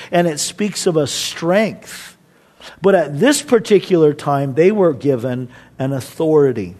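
High-voiced man preaching a sermon. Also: darkish tone. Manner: conversational, storytelling, acts out quoted voices. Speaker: pastor.

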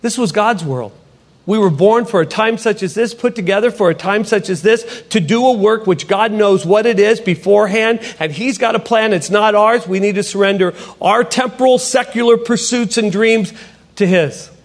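A middle-aged man with a high-pitched voice tells his faith testimony from the front of a church. He is an animated storyteller who slips into the voices of the people in his story. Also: normal speed. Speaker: potter and ministry speaker. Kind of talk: testimony sermon.

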